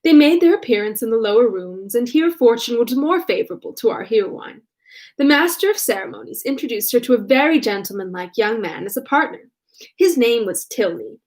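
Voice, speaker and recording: A woman's voice: fairly high pitch, lively intonation, fairly quick, a little mellow. A young woman reading a classic novel aloud as an amateur reader, with casual asides about her accents. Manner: amateur reading, breaks off to laugh and comment on her own accents. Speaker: audiobook reader.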